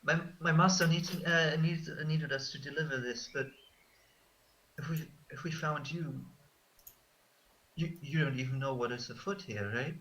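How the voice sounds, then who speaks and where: A man's voice: fairly high pitch, measured pace, pauses often, sharp tone, slight background noise, low-quality recording. A man voicing a male messenger who speaks for his master, stumbling and repeating words. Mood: urgent.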